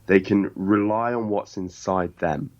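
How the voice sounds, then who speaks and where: A British man with a very low voice talks in an earnest, motivational way as an interview guest. He leans hard on key words. The recording sounds dull and a little lo-fi. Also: steady tone, measured pace, darkish tone. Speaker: podcast host and life coach guest. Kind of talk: interview conversation.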